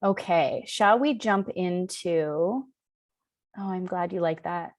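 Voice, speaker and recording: A woman's voice: on the low side, takes it slowly. A woman in her thirties giving a live spiritual session, telling personal stories casually with frequent ums. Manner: casual, warm-hearted storytelling with frequent ums. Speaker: spiritual teacher. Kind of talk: live online session talk.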